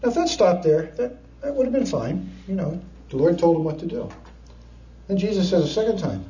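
A man preaching a sermon, retelling scripture with lively storytelling, chuckles and frequent fillers. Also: high-pitched, a little fast. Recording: distant, dull, echoey room.

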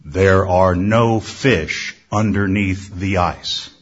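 Man doing a low solemn rink boss voice, drawn out, kinda muffled recording. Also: husky, heavily acted. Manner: slow, solemn and booming. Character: booming deep-voiced male ice rink manager. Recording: dull lo-fi recording.

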